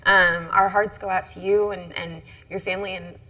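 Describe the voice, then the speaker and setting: A woman's voice: on the low side, level tone, normal speed, pushed and bright, low-quality recording. Gracious woman moderating a panel.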